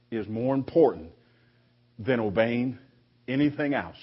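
A man preaching a sermon to his congregation, conversational, with frequent restarts and lively quoted voices. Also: on the high side, normal speed, slightly rough. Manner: conversational preaching with repeated restarts, animated quoting. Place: church sanctuary. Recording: dull lo-fi recording.

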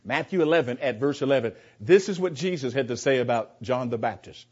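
A man's voice: medium pitch, lively intonation, a little fast, darkish tone, husky. A man teaching a Bible class in an emphatic way, asking rhetorical questions and often repeating his words. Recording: dull lo-fi recording.

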